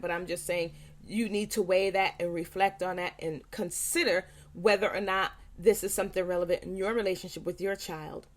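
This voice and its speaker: A woman parent educator speaking earnestly to parents, stressing points by repeating them and acting out quick quoted lines. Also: medium pitch. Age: young adult. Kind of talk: talking to parents.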